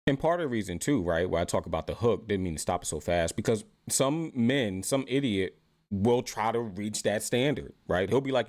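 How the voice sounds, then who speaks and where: A man's voice: mid-range voice, lively intonation, normal speed, a little mellow. A man hosting reaction commentary, rambling and tagging his points with "right?". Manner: rambling, repeats "right?" often. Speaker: commentary host.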